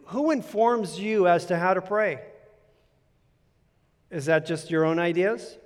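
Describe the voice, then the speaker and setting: Man, pastor, sermon, earnest conversational preaching, emphatic repetition, fairly high voice, long hall reverb. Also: measured pace, long pauses.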